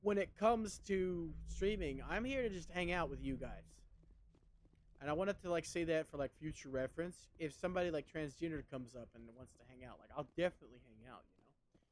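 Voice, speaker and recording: A man's voice: a little high, a little fast, a little hiss or hum. Rambling male streamer. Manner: rambling, conversational, with many fillers and restarts. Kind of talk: casual chat while streaming.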